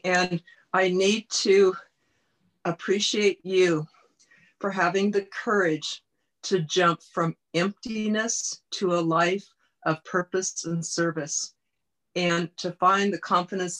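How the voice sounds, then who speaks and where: A woman's voice: fairly low pitch, steady tone, measured pace, fairly bright tone. Earnest woman coach telling her story. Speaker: guest, body-mind coach. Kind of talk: personal storytelling in interview.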